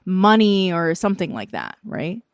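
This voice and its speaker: A woman's voice: lowish voice, sing-song, moderate pace, no room sound. Woman guest comic, loose profane storyteller, laughs a lot, close dry sound. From Korea. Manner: profane, rambling, laughs often. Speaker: guest comedian. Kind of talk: casual podcast chat.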